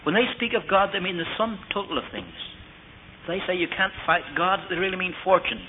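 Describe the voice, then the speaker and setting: A man's voice: high-pitched, fairly quick. A middle-aged male preacher delivers an earnest sermon, weaving in family stories and asking his listeners questions. The sound is thin and phone-like, as from an old tape, with a faint hiss underneath.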